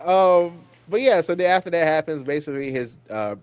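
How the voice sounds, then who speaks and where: Brief: man, review-show host, casual and animated, jumps into quoted outbursts; dry, slightly muffled audio. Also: on the high side, fairly quick, clear, resonant tone, no room sound. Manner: animated, acts out characters' lines in quoted asides; frequent fillers and restarts, exclaims loudly. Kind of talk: casual TV episode review chat.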